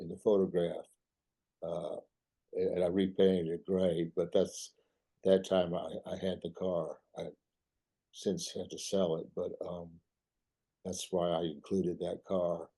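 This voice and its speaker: An older man giving a talk, reminiscing in a halting way full of restarts. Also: low-pitched, flat delivery, warm tone, breathy edge. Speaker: artist giving a club talk.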